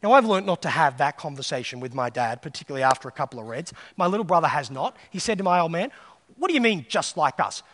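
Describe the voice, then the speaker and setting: A man's voice: on the high side, animated, quick pace, hardly any pauses, fairly bright tone. A man giving a conference keynote, telling stories and acting out the voices of people he quotes. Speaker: keynote speaker. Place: large hall on stage. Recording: reverberant hall.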